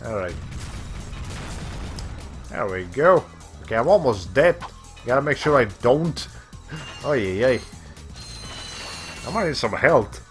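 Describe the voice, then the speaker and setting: A man streaming a video game in a medium-pitched voice that is going hoarse as he loses it. He rambles and thinks aloud between moves and swears casually. Game music plays faintly behind him. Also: big pitch swings, takes it slowly, pauses often. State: losing his voice. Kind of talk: casual let's-play commentary.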